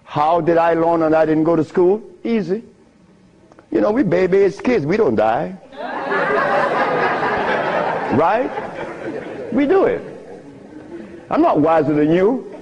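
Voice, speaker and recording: An older man giving a talk, telling stories with frequent laughter and big swings in pitch. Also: big pitch swings, slow pace, pauses often, darkish tone, slight background noise. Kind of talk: animated storytelling lecture. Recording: muffled lo-fi recording.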